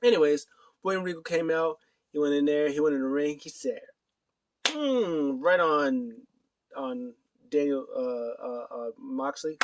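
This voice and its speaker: A man's voice: fairly high pitch, steady tone, moderate pace, distant mic, noisy background. A man casually recapping wrestling news to his camera, rambling with many fillers and acting out quotes. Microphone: camera mic.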